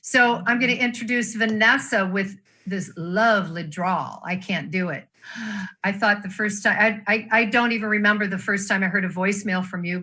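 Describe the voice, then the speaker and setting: Woman host, effusive and upbeat, bright tone, call audio. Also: medium pitch. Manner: warm, effusive introductions. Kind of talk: hosting a group call.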